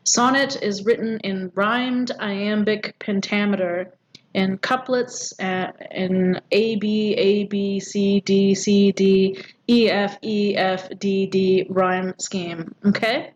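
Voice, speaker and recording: A woman's voice: mid-range voice, fairly even intonation, takes it slowly. A woman teaching a poetry lesson, explaining step by step with frequent ums and rhetorical questions. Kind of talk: recorded poetry lecture. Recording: dull audio with faint background noise.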